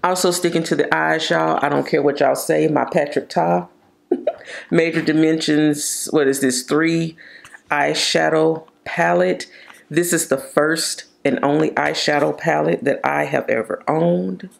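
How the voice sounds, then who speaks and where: A woman's voice: sits low, fairly even intonation, a little slow, creaky. A woman vlogger casually reviewing her favorite makeup products, chatty and gushing, drawing out her words for emphasis. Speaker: beauty vlogger.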